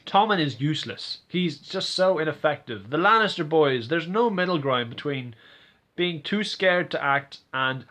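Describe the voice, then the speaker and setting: A man's voice: fairly high pitch, expressive, moderate pace, pushed and bright. A man giving a casual, rambling recap of a TV episode, full of fillers and restarts, acting out characters' lines in exaggerated voices. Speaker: TV episode reviewer.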